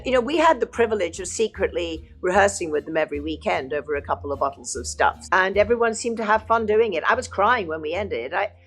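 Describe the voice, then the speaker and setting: An actress from England talking enthusiastically about her lead role in a cast interview. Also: fairly low pitch. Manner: enthusiastic, animated storytelling. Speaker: lead actor.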